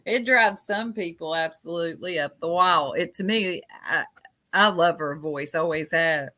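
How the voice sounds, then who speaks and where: A woman with an American Southern accent hosting a livestream chat in an easygoing, blunt way, quick to laugh. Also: fairly low pitch, sharp tone. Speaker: livestream host.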